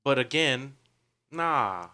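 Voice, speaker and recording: A man's voice: medium pitch, lively intonation, bright, forceful tone. A man co-hosting a podcast, cutting in with joking asides in casual chat. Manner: joking interjections, quick asides. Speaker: podcast co-host.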